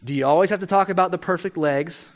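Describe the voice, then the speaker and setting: A man preaching a conversational sermon, animated and playfully wry, often tossing in quick tag questions to the listeners. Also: high-pitched.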